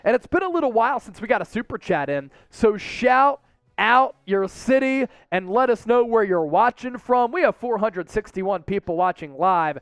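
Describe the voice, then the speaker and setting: High-voiced excitable male stream host. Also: dry recording. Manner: excitable, talks straight to the chat. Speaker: host of a live draft stream. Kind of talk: live-stream commentary, chatting with viewers.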